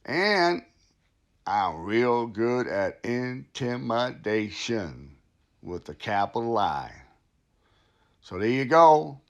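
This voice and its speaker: A man's voice: medium pitch, very animated, takes it slowly, pauses often, lo-fi sound. A man playing a smug, boastful, crooked town official who brags about himself and laughs at his own lies. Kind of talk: satirical comedy monologue.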